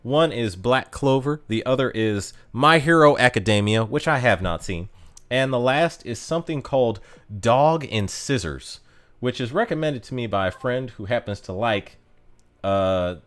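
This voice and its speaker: An American man in casual live-stream chat, rambling from one thought to the next with plenty of "um"s and restarts. His pitch jumps around a lot in an animated way, and his voice sits at an ordinary middle height. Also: a little slow. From United States. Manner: rambling and chatty, lots of fillers and restarts.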